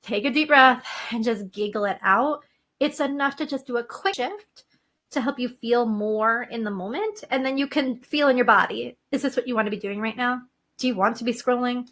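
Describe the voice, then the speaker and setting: A woman's voice: fairly high pitch, a bit bright. A woman guest in a casual podcast conversation over a video call, playful and laughing often as she talks.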